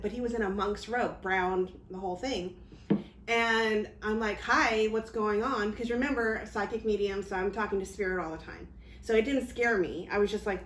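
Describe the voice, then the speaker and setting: A woman psychic medium telling a personal story in a casual, rambling way, full of fillers and restarts. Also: medium pitch. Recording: roomy, faint background noise.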